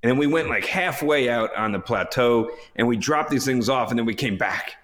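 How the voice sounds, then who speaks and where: A man in casual conversation, relaxed and measured as he tells his own expedition story, with frequent fillers. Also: mid-range voice.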